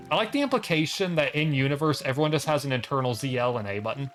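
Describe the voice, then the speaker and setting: A man's voice: mid-range voice, animated, quick pace, hardly any pauses, fairly bright tone, soft background music. A man streaming a video game, joking in casual commentary and reading the dialogue aloud in silly voices.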